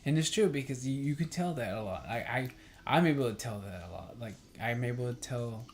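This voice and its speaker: A man's voice: medium pitch, expressive, a little fast, darkish tone. A young man hosting a podcast, talking casually in a rambling way, with lots of fillers and swearing, and acting out quoted talk in a livelier voice. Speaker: podcast host. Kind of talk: casual chat.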